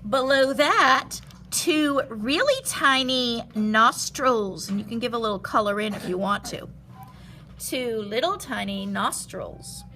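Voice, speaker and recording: Bright, high-voiced art teacher woman. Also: slow, slight background noise. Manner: animated, expressive, speaks simply to young kids. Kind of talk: step-by-step drawing lesson for children.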